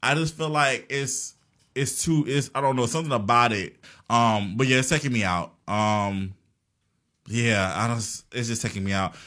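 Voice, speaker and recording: A man co-hosting a casual podcast, speaking at a medium pitch. He talks in a laid-back, hesitant way, full of fillers and restarts. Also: sharp tone. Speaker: podcast co-host. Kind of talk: casual chat.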